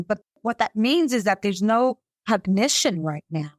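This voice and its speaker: A middle-aged woman psychotherapist talks in an interview, expressive and vivid, sometimes slipping into her clients' voices. Her voice sits at a middle pitch for a woman. The recording is dry and close. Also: measured pace, few pauses, no room sound. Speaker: psychotherapist guest. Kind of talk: interview conversation. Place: US capital region.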